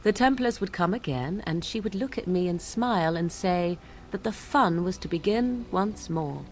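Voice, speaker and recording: A woman's voice: on the low side, expressive, moderate pace, close to an everyday voice. An actress voicing a young, aloof, sardonic witch in a video game, speaking in a cool, archaic, mocking way. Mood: cool wry. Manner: archaic cool speech, wry amusement.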